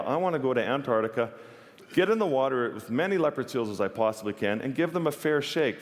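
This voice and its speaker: A man giving a stage talk, telling a personal story in an earnest, vivid way with wry humor. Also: medium pitch. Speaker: wildlife photographer giving a talk. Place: stage in a large hall. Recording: long reverb of a large hall.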